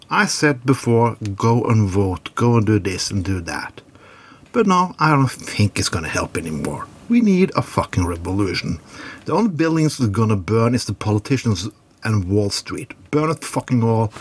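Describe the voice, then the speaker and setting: A man's voice: mid-range voice, slightly rough. A man doing an impression of an older male president, swearing through an angry rant.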